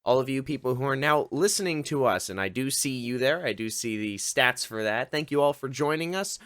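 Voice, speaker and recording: A man's voice: medium pitch, expressive, brisk, a bit bright, dry recording, studio quality. A man narrating as game master in a casual tabletop game, swearing and laughing easily.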